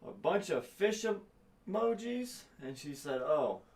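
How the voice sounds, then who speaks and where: Slightly high man, off-mic, reading donations. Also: big pitch swings, measured pace, a little mellow, recorded from a distance. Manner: reads donor messages aloud. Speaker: livestream co-host reading donations. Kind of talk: casual livestream chat.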